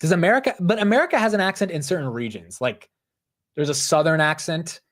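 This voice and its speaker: Speaking fast at a fairly high pitch, a young man hosts a stock market stream. He's casual and animated, wandering from point to point while saying "bro" and "dude" constantly.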